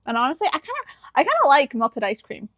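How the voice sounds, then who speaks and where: A young woman co-hosting a podcast, chatting casually and acting out every line of dialogue as she tells a story. Her voice sits fairly high, and she breaks into laughter often. The recording is dry and close, with no room sound. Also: quick pace, no echo. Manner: animated storyteller who acts out quoted dialogue and laughs often. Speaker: podcast co-host. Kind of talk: casual chat.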